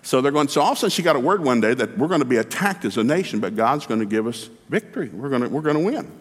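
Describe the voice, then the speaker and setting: Animated preacher in a reverberant hall. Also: male voice, medium pitch, very fast, breathy edge. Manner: folksy, humorous, emphatic with acted-out dialogue. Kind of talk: lively sermon with storytelling.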